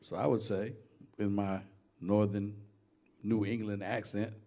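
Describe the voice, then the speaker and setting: An older man from Massachusetts, a band singer, telling stories in a casual, animated way and laughing often. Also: on the low side, a little slow. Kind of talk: casual storytelling. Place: basement studio.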